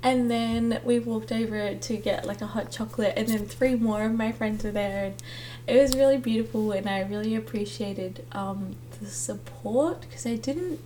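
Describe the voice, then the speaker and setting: A woman's voice: a little high, moderate pace, mellow. A young woman hosting a casual solo podcast, chatty and giggly with lots of ums and likes. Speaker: podcast host. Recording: distant mic with faint hum.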